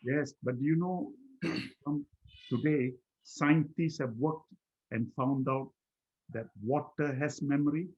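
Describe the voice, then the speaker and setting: Man, husky voice, reflective personal storyteller, halting restarts, muffled lo-fi recording. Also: a little high. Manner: slow, repetitive, with many restarts. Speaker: guest speaker.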